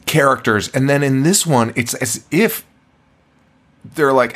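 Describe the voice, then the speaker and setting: A man's voice: mid-range voice, measured pace, fairly bright tone. A young man co-hosting a horror movie podcast, chatting casually, swearing a lot and laughing as he acts out lines from the film. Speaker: podcast co-host. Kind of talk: casual chat.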